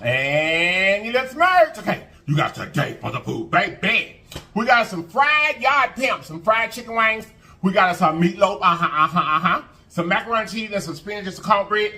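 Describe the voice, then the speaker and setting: This eating-show host chats casually with his audience in a high voice at a fairly quick clip. His delivery is animated and full of sing-song hype, and he hums plenty as he eats.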